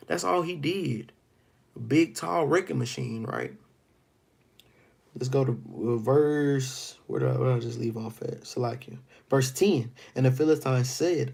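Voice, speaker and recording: A man's voice: a little high, gravelly, darkish tone, breathy edge. A man teaching a Bible class. He reads verses aloud, then retells them in casual street slang.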